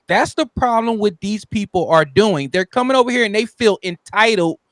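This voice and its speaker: High-voiced sarcastic man. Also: normal speed, hardly any pauses, a bit bright, no room sound. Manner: sarcastic, heated. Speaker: podcast co-host. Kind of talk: casual opinionated chat.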